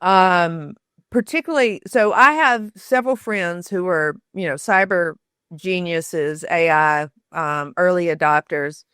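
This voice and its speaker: A woman guest on an interview podcast, answering thoughtfully, pausing on many fillers and restarts. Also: on the low side, fairly bright tone, smooth, no room sound, studio quality. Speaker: podcast guest, storytelling author. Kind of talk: conversational interview.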